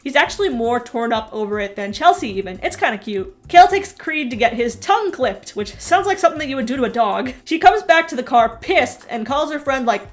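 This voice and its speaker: A young woman doing sarcastic TV recap commentary, snarky and quick to laugh at her own jokes. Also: high voice, lively intonation. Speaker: recap vlogger.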